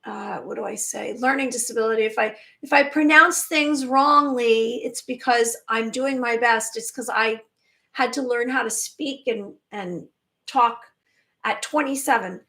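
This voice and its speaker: A woman's voice: a little high, a little slow, pushed and bright. A woman hosting a spiritual live stream, talking emphatically in a chatty way and often restarting her words. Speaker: spiritual channel host.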